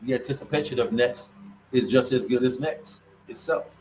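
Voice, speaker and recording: A man giving an informal scripture sermon in casual slang, swinging between loud emphatic bursts and low mutters and drawing words out slowly. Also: background noise. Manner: stretches words out slowly for effect. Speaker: preacher.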